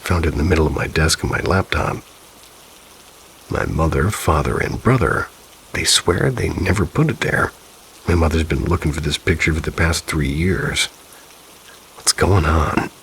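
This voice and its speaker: A man with an extremely deep voice and a gravelly edge narrates in a calm, measured way. Faint hiss sits under the recording. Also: rough recording. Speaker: narrator of submitted ghost stories. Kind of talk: scripted narration.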